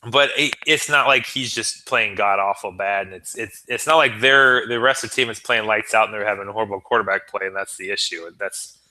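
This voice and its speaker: A man's voice: fairly low pitch, a little fast, hardly any pauses, sharp tone, low-quality recording. A man co-hosting a sports talk show, earnest and stammering as he builds long arguments. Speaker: podcast co-host.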